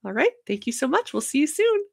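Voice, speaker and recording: Energetic young woman host, fast and chatty, slightly high voice. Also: gravelly. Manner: fast, energetic, lots of fillers. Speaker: host of a banking livestream show. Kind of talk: casual livestream chat.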